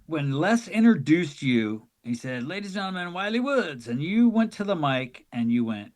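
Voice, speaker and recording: High-voiced man telling rowdy road stories. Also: moderate pace. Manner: animated storyteller, acts out quoted voices, swears freely. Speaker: guest, tour crew member. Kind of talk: casual chat.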